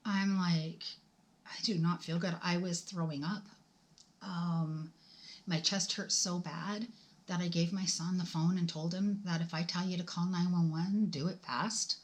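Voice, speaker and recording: A woman's voice: on the low side, steady tone, unhurried. A woman in her forties telling a personal story to the camera in a conversational, emotional way, acting out the dialogue and dropping to a whisper at times. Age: 40s. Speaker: vlogger.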